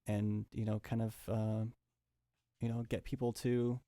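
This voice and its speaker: A man co-hosting a podcast, speaking in a halting, easygoing, agreeable way. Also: on the low side, flat delivery, dark tone, no room sound, clean studio sound. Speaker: podcast co-host. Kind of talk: casual podcast talk.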